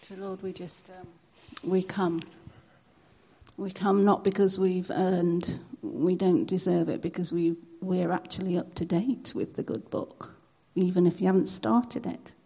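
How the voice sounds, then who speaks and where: Woman, low gravelly husky voice, hesitant spontaneous prayer. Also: steady tone, poor audio. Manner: soft, hesitant, halting with fillers. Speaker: church member leading prayer.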